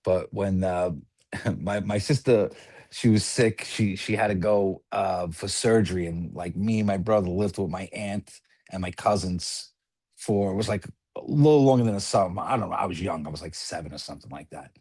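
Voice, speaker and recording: A man with a fairly low voice chats casually as a podcast guest. He laughs through his stories and stops and restarts often. The recording is dry and close. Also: normal speed, darkish tone, slightly rough, dry recording. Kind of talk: casual chat.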